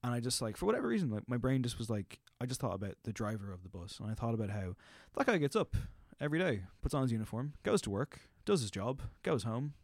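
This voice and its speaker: A fast-talking man rambles through his ideas in casual conversation, piling up "like" and "I mean" and swearing freely. The recording is dry and close, with no room sound at all. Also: medium pitch, very animated, a little mellow, dry recording. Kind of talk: casual chat.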